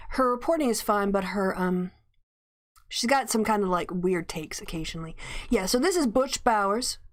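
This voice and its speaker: A woman's voice: medium pitch, expressive, normal speed. A woman host in casual commentary, reading news aloud with gleeful, chatty asides. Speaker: livestream host.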